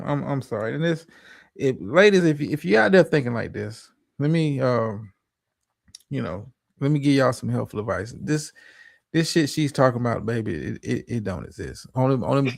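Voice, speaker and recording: A male streamer hosts a livestream, reacting to a clip with profane, stammering, preachy relationship advice. His mid-range voice is creaky, and the audio is clean studio sound with no echo.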